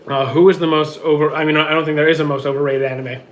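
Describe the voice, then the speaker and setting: A man with a hoarse, worn-out voice reads out viewer questions and answers them offhand in casual livestream chat from home. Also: on the high side, little pitch movement, quick pace, a little hiss or hum. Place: home with roommates.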